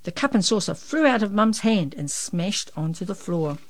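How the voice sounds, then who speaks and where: Reading a children's picture book aloud at a moderate pace, a woman with a medium-pitched voice brings the story to life expressively and with energy. The recording is dry.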